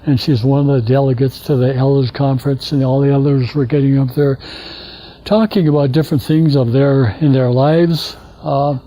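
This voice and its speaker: An older man from Alaska giving a guest lecture, telling stories in a halting, rambling way and acting out the dialogue he quotes. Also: mid-range voice, steady tone, warm tone. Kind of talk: anecdotal storytelling lecture. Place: lecture hall. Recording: dull lo-fi lecture recording.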